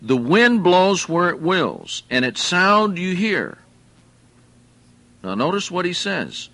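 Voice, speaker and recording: A man teaching from the Bible in an unhurried, deliberate sermon, pausing on each word. His voice sits a little high and sounds bright and clear. He stops to ask his listeners plain questions. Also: sing-song. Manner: slow, deliberate, explains Greek words and asks the listeners questions. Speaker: preacher.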